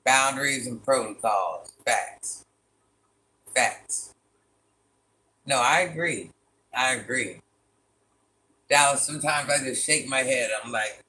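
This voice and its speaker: A man, chatting casually on a livestream, animated and exasperated, firing off rhetorical questions and laughing often. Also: mid-range voice, takes it slowly, pauses often. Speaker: livestream host reading chat.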